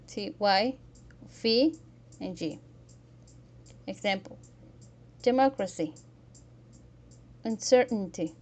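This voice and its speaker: A woman's voice: medium pitch, a little mellow, muffled recording. A woman teaching a pronunciation lesson, carefully modelling example words one by one.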